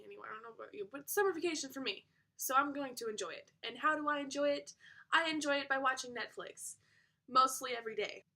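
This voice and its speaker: Bright-voiced teenage girl vlogger. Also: a little high. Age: teens. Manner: chatty, playful, self-aware asides. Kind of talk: casual chat to camera.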